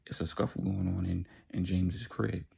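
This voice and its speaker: A man's voice: low-pitched, flat delivery, normal speed, vocal fry, dark tone, slightly rough. A man telling a story in a casual, slangy, laid-back way, adding his own sound effects.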